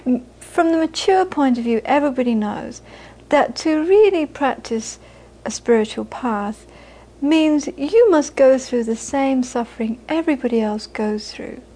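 A woman's voice: sits high, expressive, unhurried, few pauses, warm tone, low-quality recording. A woman Buddhist teacher giving an informal, conversational dharma talk to an audience, repeating phrases for emphasis and often laughing.

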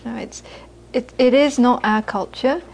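British buddhist teacher lady, high voice, earnest talk w lots of repeating and laughing. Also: normal speed, a little mellow, slight background noise. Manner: earnest, repeats phrases for emphasis, laughs often. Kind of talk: dharma talk to a live audience.

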